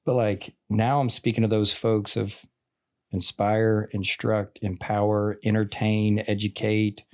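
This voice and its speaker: Veteran teacher, male, forties, low-pitched, earnest and rambling in relaxed conversation. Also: a little slow. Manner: earnest, rambling, full of "like" and "I mean". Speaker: teacher and podcast guest. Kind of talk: casual conversation.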